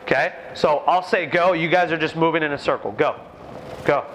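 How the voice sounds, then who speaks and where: On an indoor court with faint gym noise humming, a man with a high, ringing, fairly bright voice runs a basketball clinic. He briskly barks quick drill commands at players, then turns between drills to explain each point to the watching coaches.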